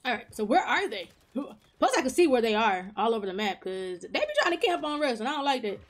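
A woman hosting her own gaming channel, giving chatty, excitable commentary over her gameplay and talking straight to her viewers. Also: fairly high pitch, fairly quick.

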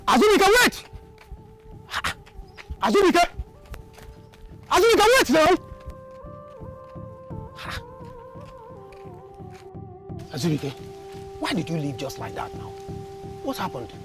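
Stammering Nigerian friend, lively pitch, music bed. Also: male voice, normal speed, vocal fry, long pauses. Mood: urgent. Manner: excited, stammering. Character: nervous friend explaining himself. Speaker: husband's friend. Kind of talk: Nollywood film acting. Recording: film soundtrack music behind.

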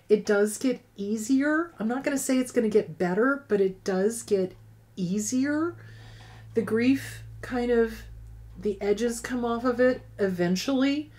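A woman's voice: medium pitch, darkish tone. A middle-aged woman therapist hosting an advice show, answering viewer questions in a frank, emphatic way that repeats key points.

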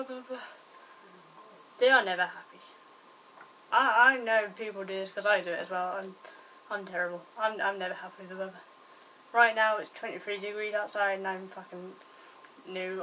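A woman's voice: medium pitch, a bit bright. A young British woman with a British accent, chatting casually to camera at home, rambling and swearing freely. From Britain. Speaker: vlogger. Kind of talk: casual vlog chat. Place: home indoors. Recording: recorded from a distance, faint background noise. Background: dogs outside.

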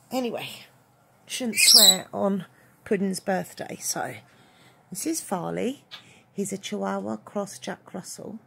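A woman's voice: mid-range voice, creaky, a bit bright. A middle-aged mother talking bluntly in a casual home video from her bedroom, tired and unwell, swearing freely. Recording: noisy home recording.

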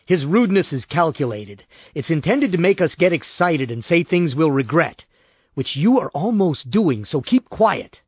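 A man reading an audiobook and voicing a cool, calculating lawyer who speaks in a measured, lawyerly way, on a dull lo-fi recording. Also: a little high, big pitch swings, husky, dry recording. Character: cool, calculating male lawyer, practical and controlled.

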